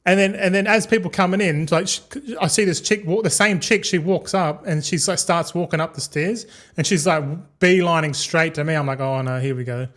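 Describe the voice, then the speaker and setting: A man's voice: high-pitched, fairly even intonation, a little fast, hardly any pauses, a bit bright. A young man telling a long, rambling story as a streamer, repeating words and swearing casually.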